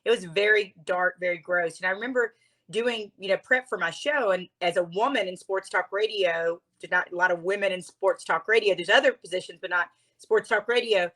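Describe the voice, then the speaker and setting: Woman, from Louisiana, podcast guest, expressive, earnest, storytelling. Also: medium pitch, fairly quick, low-quality recording. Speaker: guest, author and speaker. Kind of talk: conversational storytelling.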